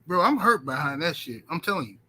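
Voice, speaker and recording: A man's voice: a little high, brisk, breathy edge. A man hosting a casual livestream, talking emphatically with lots of profanity and repetition, and reading out viewer super chats. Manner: profane, emphatic, repeats himself; animated, swings from loud outbursts to muttering. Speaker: livestream host.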